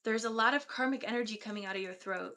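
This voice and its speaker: A woman energy healer giving a slow, soft-spoken, meditative channeled reading. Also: a little high.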